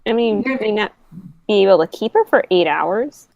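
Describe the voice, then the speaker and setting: A woman playing a tabletop game, making quick, upbeat suggestions. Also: mid-range voice, animated, creaky, no room sound, muffled recording. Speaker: player. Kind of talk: casual tabletop play.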